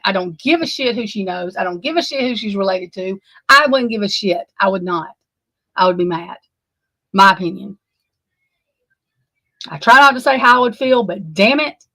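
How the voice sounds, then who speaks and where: A woman's voice: medium pitch, fairly bright tone, no echo, low-quality recording. Heated, profane woman with a dry sound. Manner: heated, profane, emphatic and repetitive. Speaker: true crime commentator. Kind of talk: unscripted live commentary.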